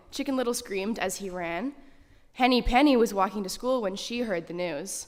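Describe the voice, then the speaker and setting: A woman reading a children's story aloud in a school chapel, animated and expressive. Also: mid-range voice, normal speed. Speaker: story reader. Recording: reverberant chapel.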